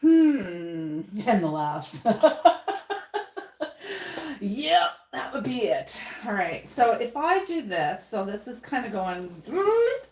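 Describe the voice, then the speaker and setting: A woman's voice: medium pitch, sing-song, slow, darkish tone, roomy sound. A woman hosting a live paint-along. She chats with her viewers, thinks aloud and laughs often while she works. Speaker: painting host.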